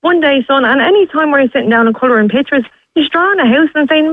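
A woman calls in to a radio show, her high voice squeezed through a tinny, dry phone line. She is young and emotional, filling her talk with "like". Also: fast, dry recording. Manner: emotional, repeats "like". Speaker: caller.

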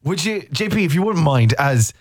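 A man's voice: fairly high pitch, big pitch swings, normal speed, no room sound, studio quality. A man in his thirties hosting a radio show, chatting casually with a co-host in a rambling, teasing way. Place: radio studio. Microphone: studio microphone.

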